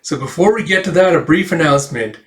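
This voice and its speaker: A man's voice: on the high side, animated, fast, a bit bright. A man voicing a cheerful, showy young man from a comic who jokes and teases. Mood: announcing.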